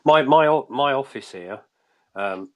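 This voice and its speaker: A man in his late thirties with a Cambridge accent, co-hosting a casual live video chat, chatty and quick to laugh, often restarting his sentences. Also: mid-range voice, expressive, a crowd in the background. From Cambridge, England. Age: late 30s. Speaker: co-host. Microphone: mobile phone.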